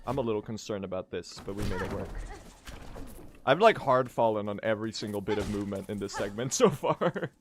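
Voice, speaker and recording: A man's voice: fairly low pitch, expressive, brisk, a little hiss or hum. A young man streaming a game speedrun, chatting casually in a rambling, self-deprecating way and laughing often.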